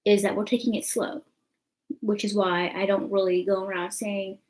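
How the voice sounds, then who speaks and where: A woman's voice: medium pitch, flat delivery, normal speed, darkish tone, rough recording. A young woman telling a story to her camera in a rambling, chatty way, full of fillers. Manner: chatty, rambling, full of fillers like "you know what I'm saying". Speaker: vlogger.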